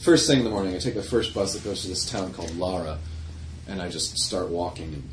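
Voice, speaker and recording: A man's voice: low-pitched, fairly even intonation, a little fast, a little hiss or hum. A male singer-songwriter telling a rambling anecdote between songs, with laughs and self-corrections, in front of a live audience. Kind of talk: stage banter and storytelling. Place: live music venue with audience. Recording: echoey live room from far off.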